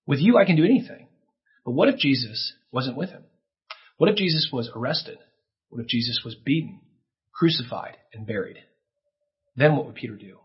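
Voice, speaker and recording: A man's voice: medium pitch, animated, normal speed, long pauses, breathy edge, dull audio. A man preaching a sermon in an earnest way, his voice rising for emphasis, with a few restarts. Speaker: pastor.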